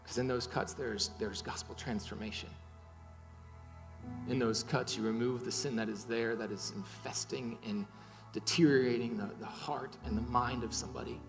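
A man's voice: mid-range voice, fairly even intonation, moderate pace, big-room sound, music in the background. A man preaching a sermon and leading a closing prayer, impassioned, with rising and falling emphasis and repeated words. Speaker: pastor.

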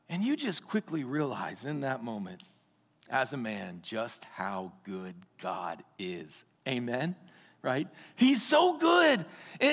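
A man preaching from the pulpit in a high, lively voice that swings widely in pitch. He breaks into sudden shouts and playful asides to the congregation. His words ring out with the long reverb of a large church hall. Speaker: pastor. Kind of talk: sermon.

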